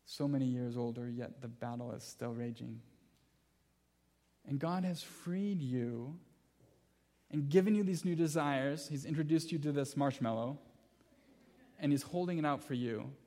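Man preaching, earnest and emphatic, repeats the big lines, tells little family stories, mid pitch voice. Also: unhurried, long pauses, dark tone. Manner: personal storytelling with humor. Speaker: pastor. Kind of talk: sermon.

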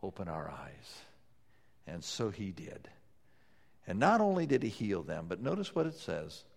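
Guy preaching a sermon, lowish voice, goes from loud pleading to quiet and back. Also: wildly swooping pitch, moderate pace, gravelly. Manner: preaching with wide swings between loud pleading and soft low lines. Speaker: pastor.

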